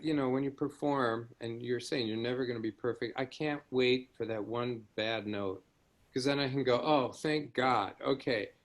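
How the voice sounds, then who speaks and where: A man's voice: medium pitch, fairly even intonation, moderate pace. A man, a fellow musician on a panel, giving frank and casual answers that ramble a little. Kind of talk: relaxed Q&A answer.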